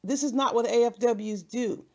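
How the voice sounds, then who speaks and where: A woman's voice: on the high side, moderate pace. A woman hosting her own channel, talking over clips in a combative, mocking commentary. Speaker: channel host.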